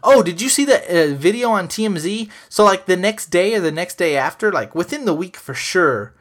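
A young man hosting a casual podcast chat, telling stories in a profane, animated way. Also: high-pitched, moderate pace. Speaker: podcast host.

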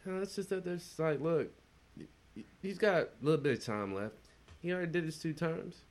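A man's voice: a little high, animated, a little fast. A man co-hosting a podcast in casual chat, incredulous and profane, repeating his exclamations. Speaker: podcast co-host.

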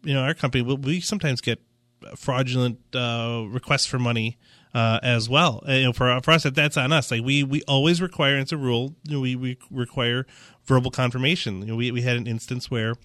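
A man in a radio studio telling a story as a guest from a financial firm, halting and restarting often. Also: mid-range voice, steady tone, a bit bright, dry recording. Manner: anecdotal, halting, many restarts. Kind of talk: casual radio talk.

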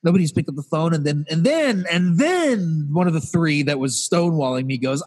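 A man's voice: fairly high pitch, expressive, normal speed, darkish tone, big-room sound. A man co-hosting a podcast, telling an exasperated comic story in a casual rant and acting out the people he quotes in raised voices. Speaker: podcast co-host.

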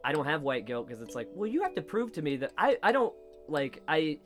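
A man's voice: fairly high pitch, a little fast, soft background music. A man hosting a casual comedy podcast, rambling and swearing as he acts out little exchanges, recorded in a basement studio. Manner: rambling, swears often, animated quoting. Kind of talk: casual chat.

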